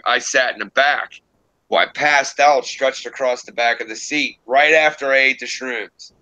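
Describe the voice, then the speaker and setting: A young man hosting a livestream, telling a long story in a casual, profane, animated way. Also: mid-range voice, no room sound, low-quality recording. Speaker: livestream host.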